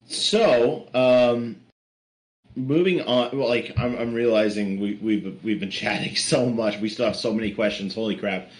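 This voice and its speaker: A man's voice: lowish voice, a little slow, rough recording. A man hosting a casual podcast, loose and profane as he moves the talk along. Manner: loose and profane, steering the conversation. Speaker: podcast host.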